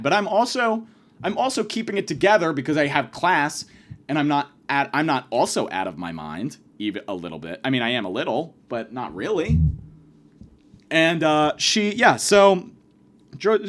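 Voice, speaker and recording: A man's voice: a little high, a bit bright. A young man ranting in a profane, exasperated comedy monologue. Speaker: podcast host. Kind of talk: comedic rant.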